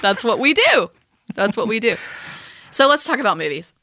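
A woman's voice: fairly high pitch, sing-song, moderate pace, pushed and bright. A woman co-hosting a movie podcast in casual chat, playful and goofy, laughing often. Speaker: podcast co-host.

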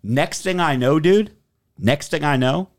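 A man's voice: on the high side, unhurried. A young man telling a story in casual chat, swearing freely and acting out what others said. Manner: profane, animated, acts out quotes. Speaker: podcast host telling a story.

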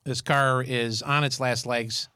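A man in his fifties, co-hosting a podcast, who tells stories in an animated, joking way. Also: medium pitch, takes it slowly, clean tone, dry recording, studio quality. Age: 50s. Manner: storytelling, animated and jokey. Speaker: podcast co-host. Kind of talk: casual chat.

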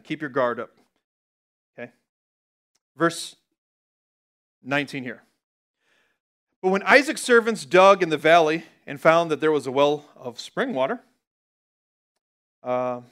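A man preaching a lively sermon as pastor, reading scripture aloud and laughing at himself now and then. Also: fairly high pitch. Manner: energetic, reads scripture aloud and laughs at his own stumbles.

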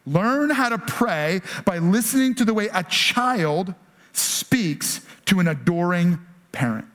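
A man's voice: high-pitched, sing-song, takes it slowly, fairly bright tone. A man preaching a conversational sermon as pastor, dropping in rhetorical "right?" asides and acting out his children's pleading voices.

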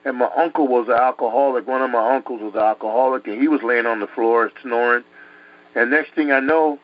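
A man's voice: medium pitch, steady tone, a little fast, slight background noise. A man from New York telling a dramatic personal story, emphatic and repeating words for effect. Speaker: guest telling his testimony. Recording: dull dry recording.

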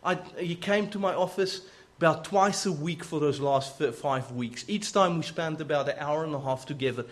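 A man preaching, telling a personal story in an earnest, animated way. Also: a little high, normal speed. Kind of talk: sermon storytelling.

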